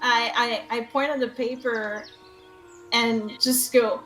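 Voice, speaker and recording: A woman playing a tabletop game, describing her actions gently. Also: on the high side, fairly even intonation, slow pace, faint music behind, poor audio. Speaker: player. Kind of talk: casual tabletop play.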